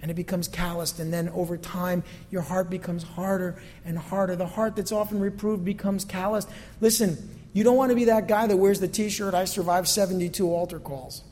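A man's voice: high-pitched, little pitch movement, moderate pace, darkish tone, slight background noise. A male pastor giving a conversational sermon that is full of rhetorical questions, recorded in a church sanctuary. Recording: long reverb from a hall.

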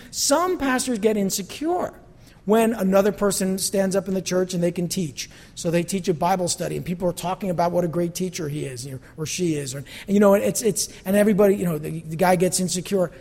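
A male pastor preaching a sermon, animated, with mocking quoted asides. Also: sits high, fairly quick, in a large hall. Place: church sanctuary.

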